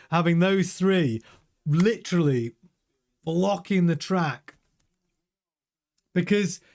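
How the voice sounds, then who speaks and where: A man hosting a live watch-along, commenting casually and excitably while answering viewers' chat. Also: high voice.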